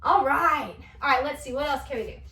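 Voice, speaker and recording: A young woman teaching dance to little kids, her high, bright voice coaxing and lively. She stands back from the mic in an echoey room, so the sound carries a roomy ring. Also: fairly quick, recorded from a distance. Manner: animated, coaxing, speaking to young children. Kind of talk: kids' movement class demonstration.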